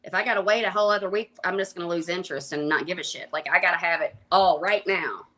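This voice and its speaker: A woman's voice: fairly low pitch, quick pace, a bit bright. A woman chatting casually on a live stream, blunt and gushing, swearing freely. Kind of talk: casual chat.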